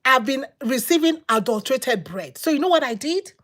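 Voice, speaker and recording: A woman giving a personal testimony as a sermon, telling her story with repetition and dramatic pauses. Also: high-pitched, sing-song, fairly bright tone. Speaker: preacher.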